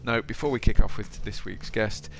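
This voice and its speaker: A man hosting a podcast, chatty and animated, telling a story off the top of his head. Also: on the low side, normal speed, vocal fry, faint music behind. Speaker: podcast host. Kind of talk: casual podcast talk and storytelling.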